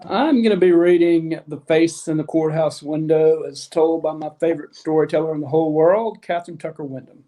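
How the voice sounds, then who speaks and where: A man's voice: fairly high pitch, a little fast, hardly any pauses, dark tone. A man reading a local ghost story aloud, telling it as an eager storyteller. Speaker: reader.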